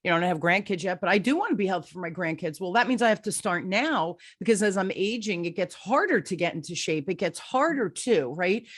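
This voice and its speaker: A woman's voice: on the low side, fairly quick, few pauses, no room sound, clean studio sound. A middle-aged woman, hosting an interview in a conversational way and telling stories with acted-out dialogue. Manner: animated storyteller, acts out dialogue. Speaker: podcast host.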